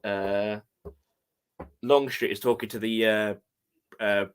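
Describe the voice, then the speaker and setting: A man's voice: on the low side, fairly even intonation, slow, smooth. A man chatting casually over drinks, chuckling and swearing freely.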